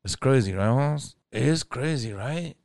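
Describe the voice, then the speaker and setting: A man's voice: medium pitch, sing-song, unhurried, dry recording, studio quality. A man impersonating a tough but friendly, laid-back street guy with a slangy drawl. It is a comic impersonation within a monologue. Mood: easygoing.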